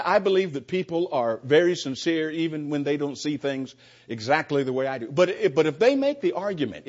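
A man with a slightly raised, husky voice teaches scripture to a congregation. He talks in a loose, conversational way, repeating words as he goes. The recording is muffled and lo-fi. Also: fairly high pitch. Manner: conversational, repeats words, acts out both sides of an exchange. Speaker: preacher. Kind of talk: sermon-style Bible teaching.

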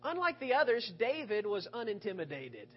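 A male preacher giving a sermon, retelling scripture with rhetorical questions and expressive storytelling. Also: high-pitched, normal speed, breathy edge. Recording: dull lo-fi recording.

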